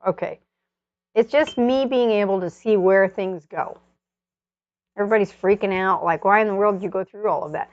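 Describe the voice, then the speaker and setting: A woman's voice: mid-range voice, dry recording, dull audio. A woman demonstrating an oil painting step by step, chatting and thinking aloud as she works. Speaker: painting instructor.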